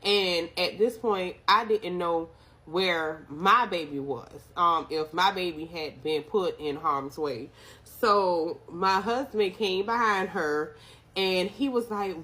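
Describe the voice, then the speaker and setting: A woman telling her own story in a casual, animated way, speaking straight to her viewers. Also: fairly low pitch, slow pace.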